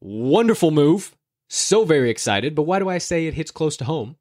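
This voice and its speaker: A man's voice: fairly high pitch, big pitch swings, moderate pace, darkish tone, no echo, clean studio sound. A young man from the Chicago area hosting a sports betting podcast in a casual, upbeat, hype-filled way. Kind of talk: casual chat.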